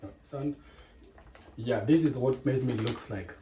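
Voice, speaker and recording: This home cook speaks with a Kenyan accent and a warm, mid-range voice, taking things a little slowly. He chats his way through a cooking tutorial, digressing as he explains every step, with the kitchen sounding echoey and faintly noisy.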